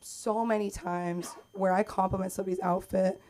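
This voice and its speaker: A woman's voice: mid-range voice, level tone, moderate pace, darkish tone. A young woman doing a stand-up set on a comedy club stage, chatty and rambling, acting out quotes. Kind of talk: stand-up set at an open mic. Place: comedy club stage under bright lights.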